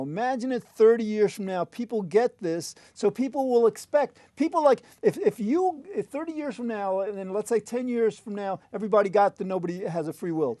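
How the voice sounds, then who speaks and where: A man's voice: sits high, a little mellow, no echo. A man in a podcast debate, explaining his point earnestly, with frequent restarts and fillers.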